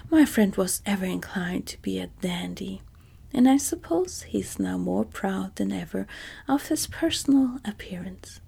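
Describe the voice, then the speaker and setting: Cast: woman voicing earnest storybook scarecrow in whispered role-play, breathy. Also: medium pitch, lively intonation, measured pace, mellow, full character voice. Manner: earnest, eager. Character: cheerful talkative male scarecrow.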